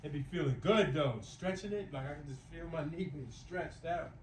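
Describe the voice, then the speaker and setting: A man's voice: a little high, moderate pace, roomy sound, far from the mic, slight background noise, low-quality recording. A man narrating his knee rehab workout in a casual vlog, counting reps aloud while straining with effort on the floor. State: exerting himself. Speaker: vlogger doing knee rehab exercises. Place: home room, lying on the floor.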